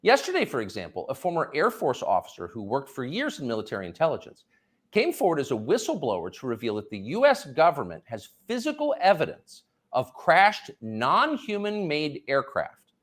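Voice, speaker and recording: A man hosts a political commentary monologue, dripping with sarcasm and mockery. His pitch leaps and plunges dramatically from line to line, around a middle register. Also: wildly swooping pitch, a little fast, a bit bright. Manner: sarcastic, mocking delivery. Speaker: commentary host.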